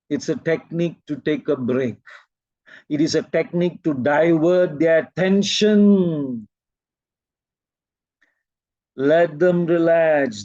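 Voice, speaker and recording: Slow, soft-spoken Malaysian male trainer. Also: a little high, no echo. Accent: Malaysian English. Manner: slow, soothing, drops to near-whispers when guiding breathing. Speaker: meditation and presentation trainer. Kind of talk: workshop teaching with guided demos. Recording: dull lo-fi recording.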